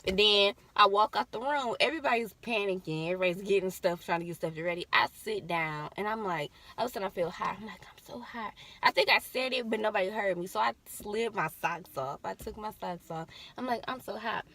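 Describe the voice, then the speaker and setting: A young woman co-hosting a casual chat, telling her labor story in an animated way and acting out her own screams. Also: medium pitch, fast, few pauses. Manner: animated, acts out screams and quotes.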